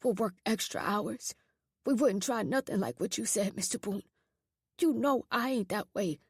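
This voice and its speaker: A woman voicing a teenage boy in a reformatory, a smooth talker who pleads in a low, quiet voice. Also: normal speed, no room sound, studio quality. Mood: begging. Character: persuasive teenage boy inmate, quick and pleading.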